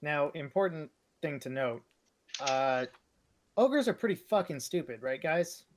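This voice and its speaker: A man's voice: a little high, expressive, a little slow, a little hiss or hum. A man playing a character in a tabletop game, loose and joking, acting out his character's lines. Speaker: player. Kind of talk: casual tabletop role-play.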